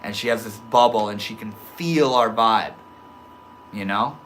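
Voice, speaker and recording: A young man hosts a relaxed livestream at his desk, reading viewers' comments aloud and answering in easygoing slang. His voice is bright and a little sharp, sinking to soft murmurs and then jumping to loud, excited exclamations. A faint background hum sits under the room. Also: lowish voice, unhurried. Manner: swears casually, laid-back stoner slang. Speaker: livestream host reading chat. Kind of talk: casual livestream chat.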